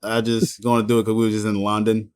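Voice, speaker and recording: A man on a sports podcast panel, easygoing and quick to laugh in casual chat. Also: on the low side, completely flat delivery, smooth.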